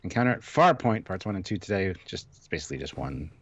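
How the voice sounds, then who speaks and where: A man co-hosting a live-stream chat in a relaxed, halting way, with plenty of fillers. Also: sits low, no echo. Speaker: co-host. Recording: dull, dry lo-fi mic.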